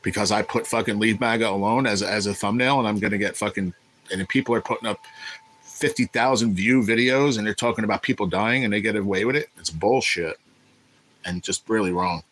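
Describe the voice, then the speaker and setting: A man's voice: lowish voice, a little fast, a bit bright, low-quality recording. A man hosting a casual livestream, talking in a blunt, profane, irritated way. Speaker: livestream host.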